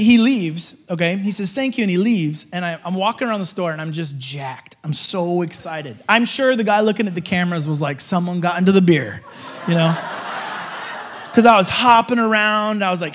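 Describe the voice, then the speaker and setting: A man preaching to a live group, telling a funny testimony story in an animated, joking way. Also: sits high, moderate pace, a little hiss or hum. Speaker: guest preacher.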